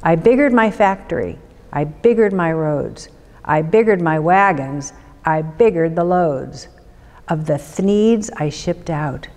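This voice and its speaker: A woman, a city councilmember, reading a rhyming children's book aloud for storytime in a measured, rhythmic way. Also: sits low, expressive, darkish tone, in a large hall.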